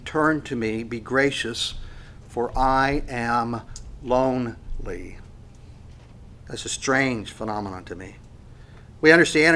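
A man preaches a sermon at a middle pitch, thinking aloud with pauses and fillers. His delivery swings from hushed, low lines to emphatic, rising phrases. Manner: reflective, with frequent fillers and pauses.

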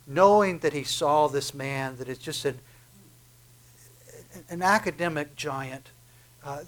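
Brief: male preacher, fervent sermon, fairly high voice, builds to emphatic peaks. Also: a bit bright. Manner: fervent, swells to emphatic peaks, frequent restarts.

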